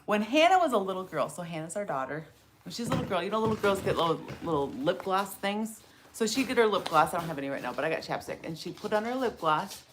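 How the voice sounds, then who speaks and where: A middle-aged woman co-hosting a casual live talk about donkey training, chatty and quick to laugh. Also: medium pitch, very animated, background noise. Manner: warm, chatty, laughs often.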